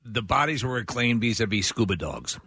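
A man's voice: mid-range voice, lively intonation, pushed and bright, husky, no room sound, clean studio sound. A man co-hosting a casual podcast chat, joking and jumping in with quips. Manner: joking, quick interjections. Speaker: podcast co-host.

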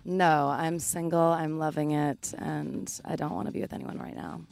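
A woman's voice: sits low, fairly even intonation, normal speed, creaky, darkish tone. A woman guest chatting breezily and flirtily in a casual radio interview. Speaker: celebrity guest. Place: radio studio.

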